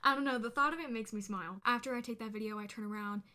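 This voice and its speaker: A young woman vlogger chatting casually to the camera, telling a storytime with lots of "like" fillers and animated asides. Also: a little high, fast.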